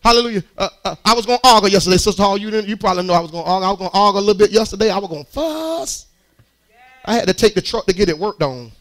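A man preaching a sermon in church, speaking. He talks to the congregation in a conversational, animated way and builds to loud, strained peaks. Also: high-pitched, rapid-fire. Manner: rises into shouted, strained peaks.

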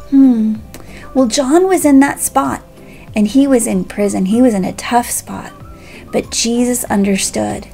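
A woman pastor telling a Bible story to children with animated, expressive delivery, speaking directly to the kids. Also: on the high side, slow, gravelly, soft background music.

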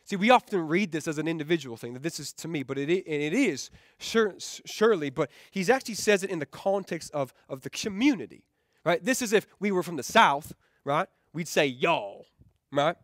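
Male pastor, high voice, dry close sound; relaxed conversational sermon with restarts and light humor. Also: brisk, dry recording. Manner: conversational, often stumbles and repeats words; keeps checking in with the crowd with "right?". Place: rented event hall used for church.

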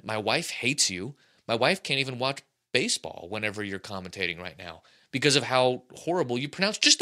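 A man in his thirties riffs through a casual sports podcast monologue, rambling and jokey. His voice is bright and forceful, and it swings up and down as he gets worked up. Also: medium pitch. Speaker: podcast host.

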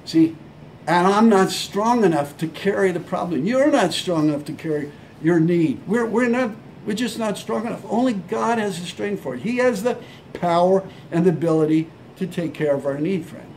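A man's voice: high-pitched, lively intonation, moderate pace, a little mellow, slight background noise. A man preaching a sermon as pastor, earnest and emphatic, repeating his phrases and calling his listeners friends. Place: church.

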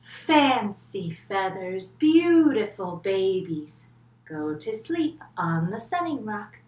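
A woman voicing a proud, loving mother bird in a children's story, speaking slowly in a tender, sing-song way. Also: medium pitch, big pitch swings, a little mellow, roomy sound.

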